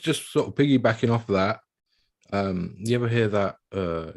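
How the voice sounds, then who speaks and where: A man with a very deep, husky voice speaks on a casual group video call. He explains his point step by step and acts out example sentences with shifting emphasis. The sound comes through a video-call mic. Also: darkish tone. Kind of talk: casual panel discussion.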